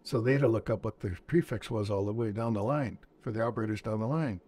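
A man's voice: lowish voice, fast, a little mellow. A man in his seventies, a veteran interviewee, recounting war memories in a plainspoken storytelling manner and acting out old dialogue. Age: 70s.

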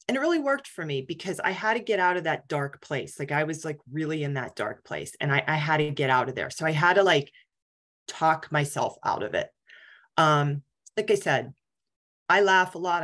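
A middle-aged woman giving a candid, casual talk to a support group, self-deprecating and full of ums. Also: low-pitched. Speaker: guest speaker.

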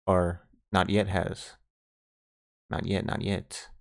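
A man hosting a reaction video, talking casually and excitedly with frequent laughs and slangy asides. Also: deep voice, slow, gravelly.

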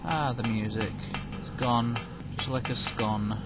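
A man's voice: mid-range voice, unhurried, rough recording. Goofy man playing a game. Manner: excitable and goofy, with sudden loud outbursts. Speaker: gameplay commentator. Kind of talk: silly let's-play commentary. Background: game music.

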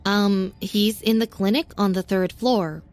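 A woman's voice: mid-range voice, fairly even intonation, a little slow, darkish tone, lightly acted. A woman voicing a hospital nurse who answers hesitantly.

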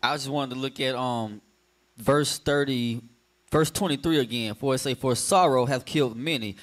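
A man's voice: medium pitch, normal speed. A man in the congregation adding a thought to a scripture discussion in a conversational way. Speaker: congregation member. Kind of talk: class discussion.

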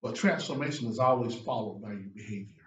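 A man preaching a sermon as a guest preacher, with lively delivery that rises to shouts and drops low for emphasis. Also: quick pace, muffled recording, slight background noise. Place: church sanctuary. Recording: echoey church room from far off.

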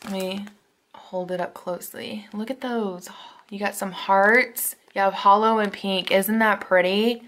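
A woman chatting casually to viewers at her desk at home while unboxing planner supplies, gushing and excitable with chatty asides. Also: medium pitch, a little slow, slight background noise.

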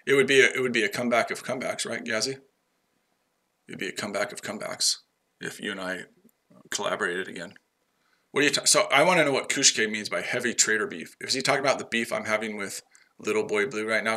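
Brash and profane, this man hosts a trading livestream, chatting casually with viewers by name and mocking rivals. He has a fairly low, pushed and bright voice.

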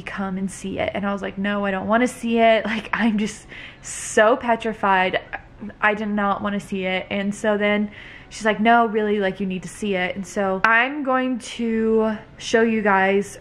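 A young woman vlogging at home, casually telling a family story with lots of "like" and acted-out quotes. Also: mid-range voice. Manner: chatty, lots of "like", acts out quotes. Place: home, indoors with toddler.

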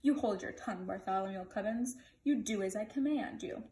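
A woman voicing a grumpy old male king who shouts his demands in a raised, high voice. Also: a little fast, close to an everyday voice. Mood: commanding. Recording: echoey room.

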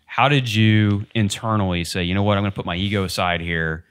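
A Texan man hosting a podcast, asking his guest measured questions in a deliberate way. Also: on the low side, fairly even intonation, fairly bright tone, clean tone. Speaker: podcast host, lawyer. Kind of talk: interview questions.

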